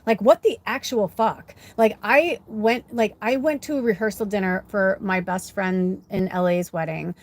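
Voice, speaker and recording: A woman's voice: medium pitch, moderate pace, few pauses. A woman, a spiritual medium, giving a candid personal monologue during a card reading. She talks bluntly with plenty of swearing and fillers, and repeats phrases for emphasis. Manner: blunt and profane, with frequent "like" and "you know".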